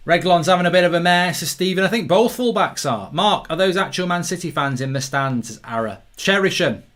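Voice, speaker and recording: Guy hosting a live match watchalong, bright voice, gets loud on big chances, reads out chat comments. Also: high-pitched, a little fast. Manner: excitable, reacts loudly to play, reads out viewer comments. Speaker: host.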